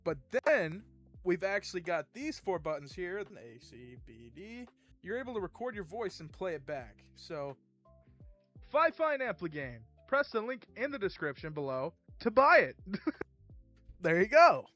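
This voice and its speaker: Brief: young male host, bright higher voice, lively chatty review delivery. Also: measured pace, faint music behind. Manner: upbeat, chatty walkthrough. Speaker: gear reviewer, channel host. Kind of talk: casual product review.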